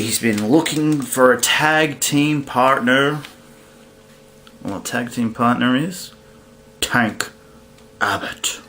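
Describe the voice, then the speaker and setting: Slow, rambling young man. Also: medium pitch, fairly bright tone, a little hiss or hum. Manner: rambling, self-correcting, laughs at own slips. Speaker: wrestling fantasy booking host. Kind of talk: casual solo commentary.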